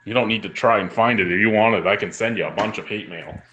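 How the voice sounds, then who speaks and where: A man's voice: on the low side, fast talker, fairly bright tone, dull audio, slight background noise. A man hosting a beer review show, telling rambling, profane stories in casual chat while a little tipsy.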